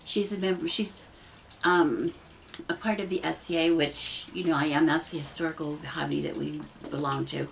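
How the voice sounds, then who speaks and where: She's a middle-aged American woman who vlogs about paganism, talking to her camera in a dim home room with earnest, casual rambling and frequent restarts. Her deep, vocal-fried voice stays fairly even at a moderate pace, and the camera-mic recording is rough with slight background noise.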